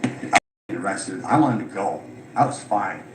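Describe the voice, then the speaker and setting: Recorded in an echoey room full of loud background noise, a weary, irritated man tells his story as a caller, cursing frequently. He speaks unscripted in a low, expressive voice at a moderate pace.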